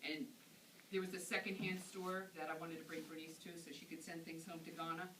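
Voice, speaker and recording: A woman's voice: deep voice, flat delivery, brisk, fairly bright tone. A woman delivering a funeral eulogy, telling stories in a conversational way. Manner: anecdotal storytelling, conversational. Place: funeral service hall. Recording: echoey room, far from mic, noisy.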